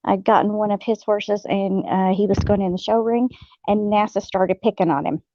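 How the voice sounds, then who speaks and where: A middle-aged woman spins folksy stories in a casual chat, laughing often between fillers. Her mid-pitched voice has a gravelly edge. The sound is dry and a little dull, like a lo-fi mic. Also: steady tone, moderate pace, warm tone, dry recording. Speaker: host.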